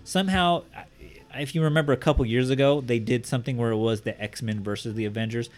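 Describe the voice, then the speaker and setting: A man chatting on a podcast, excitable and swearing freely. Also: mid-range voice, fast talker. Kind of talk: casual chat.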